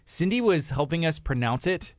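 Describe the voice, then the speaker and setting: A man's voice: a little high, animated, normal speed, dry recording. Radio co-host, male, 30s, chatty and laughing, dry close studio sound. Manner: chatty, laughs often, tells anecdotes. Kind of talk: casual morning radio chat.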